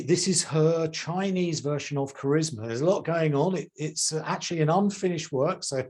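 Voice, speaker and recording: A man's voice: medium pitch, darkish tone. A man, a charisma coach and former actor, talking expressively as a guest on a video call from home. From England. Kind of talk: casual interview chat.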